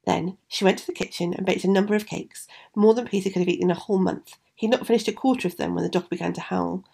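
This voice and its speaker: Storyteller: woman with a gravelly, husky voice, measured fairy-tale reading. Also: fairly low pitch, steady tone, mellow.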